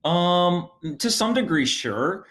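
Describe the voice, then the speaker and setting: A man's voice: sits high, sing-song, slow, a bit bright. A man hosting a podcast, bantering and joking energetically in casual chat and reading a sponsor spot. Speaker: podcast host.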